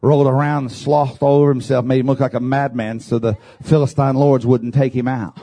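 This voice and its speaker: A man preaching a fervent sermon, building to shouted climaxes and dropping into dramatic pauses. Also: mid-range voice, level tone.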